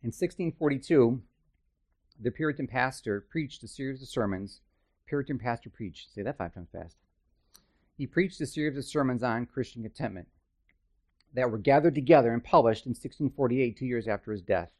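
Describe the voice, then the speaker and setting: Man, Bible study teacher, conversational, self-deprecating asides, mid-pitched voice. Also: animated, normal speed, a little mellow. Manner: chatty asides, checks in with the listeners.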